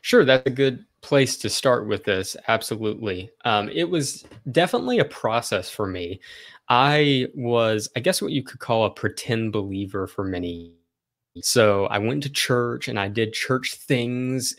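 Earnest young man with a low voice. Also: a bit bright. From American South. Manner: friendly and earnest, explaining at length. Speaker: podcast guest. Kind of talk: casual interview chat.

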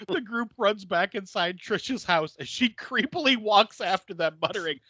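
Male host, bright lively voice, recapping a film with frequent laughter, dry close sound. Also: high-pitched, moderate pace, no echo. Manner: laughs often while retelling scenes; acts out quotes in exaggerated voices. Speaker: podcast host. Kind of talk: casual movie recap chat.

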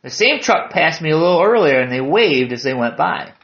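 A man with a southern Lower Peninsula Michigan accent, narrating a hiking memoir in a calm, descriptive way. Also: brisk, lo-fi sound.

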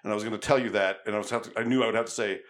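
A man co-hosting a casual political chat, talking in a measured, wry way. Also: on the low side, steady tone, fairly bright tone.

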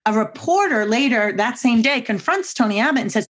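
A woman speaking as a podcast guest, telling lively anecdotes and acting out other people's lines with big jumps in pitch. She talks emphatically and comes back to her own catchphrases. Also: fast talker, few pauses. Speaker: guest speaker on body language. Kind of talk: animated storytelling on a podcast.

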